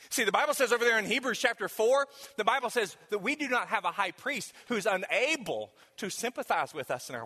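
A pastor with a high, husky voice and a bright, forceful tone preaches to his congregation. He's emphatic and asks them questions directly, and the sound carries a long hall reverb.

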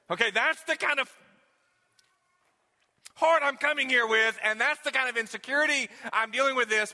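High, bright-voiced preacher in a reverberant hall. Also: male voice. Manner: conversational, self-questioning preaching with repeated rhetorical questions. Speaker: pastor. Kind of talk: sermon. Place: church sanctuary.

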